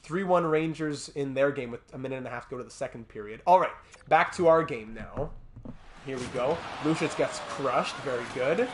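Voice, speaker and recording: A man with a mid-range voice streams a hockey video game at normal speed, with a little hiss or hum on the audio. He gives play-by-play like a mock sportscaster and chats with viewers between plays.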